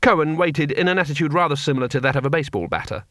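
A man narrating an audiobook in a dry, lively storytelling manner. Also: fairly high pitch, very fast, no echo.

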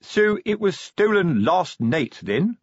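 A man's voice: sits high, big pitch swings, takes it slowly, no room sound, muffled recording, pitched above the performer's own voice, exaggerated voice. A man voicing a portly, plodding watch sergeant who tries to sound official, in an audiobook. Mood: officious. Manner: earnest, trying to sound official. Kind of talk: audiobook character voice.

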